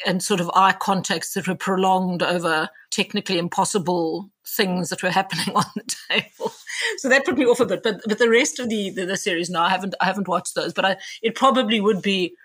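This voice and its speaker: A woman, an emergency doctor, talking as an interview guest and acting out quotes in lively anecdotes. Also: mid-range voice, fairly quick, husky. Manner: animated, acts out quotes with laughs. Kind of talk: interview guest, casual storytelling.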